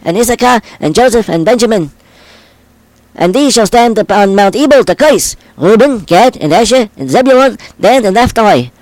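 Guy reading old scripture, fairly high voice, slow solemn phrasing, dry close sound. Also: a little mellow, no room sound, rough recording. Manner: measured, solemn cadence in short phrases.

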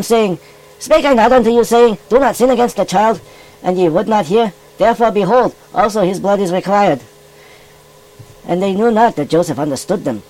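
A man doing a high-voiced furry animal rabbi. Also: a little mellow, poor audio. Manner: folksy, emphatic King James reading. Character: cheerful furry animal rabbi, male, folksy. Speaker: scripture reader. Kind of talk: puppet-style children's Bible reading.

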